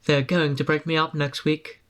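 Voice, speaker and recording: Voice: mid-range voice, flat delivery, normal speed, natural voice. A storyteller voicing a sad, resigned old male traction engine.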